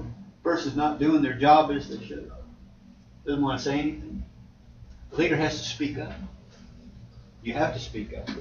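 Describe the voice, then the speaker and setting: A male preacher giving an animated sermon, with sudden loud exclamations. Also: a little high, slight background noise. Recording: roomy, distant, slightly dull.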